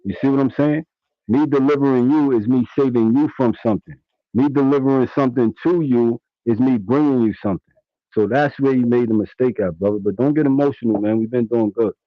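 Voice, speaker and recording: A man on a call in a debate, patiently explaining and urging calm. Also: medium pitch, brisk, no room sound. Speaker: debate participant. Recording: dull lo-fi call audio.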